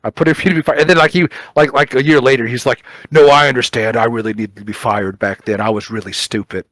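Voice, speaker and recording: A man telling stories on a podcast, lively and animated, acting out what people said with lots of fillers. His voice sits at a middle pitch and is recorded close on a dry mic with no room sound. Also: fast talker, dry recording, low-quality recording. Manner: animated storytelling, acts out quotes, frequent "like" fillers. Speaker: podcast co-host, police officer. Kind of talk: casual chat, storytelling.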